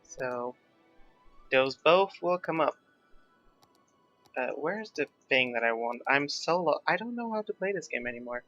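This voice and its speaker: With a fairly high, bright voice and lively intonation, this young man keeps a measured pace and pauses often as he narrates a game for his YouTube channel. English isn't his first language, and his accent mixes British and American; he muses aloud and pokes fun at himself. Faint music plays behind a slightly dull lo-fi mic.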